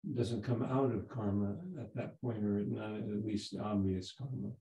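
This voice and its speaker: A man in his seventies, a Zen teacher giving a dharma talk, telling a story in a halting way with many restarts. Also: on the low side, level tone, dark tone, dull audio. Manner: halting, repeats words and restarts. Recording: roomy echo.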